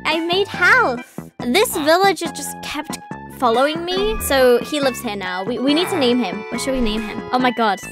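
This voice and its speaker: A British woman streaming a video game, chatting excitedly, laughing and squealing often. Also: sits high, moderate pace, over music. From Britain. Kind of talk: gaming commentary.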